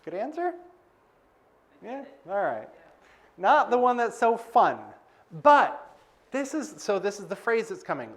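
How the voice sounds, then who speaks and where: A man's voice: sits high, very animated, a little slow, pauses often. A man giving a live motivational talk as host, telling a personal story in a chatty way with frequent "like" and "right?". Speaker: business coach speaker.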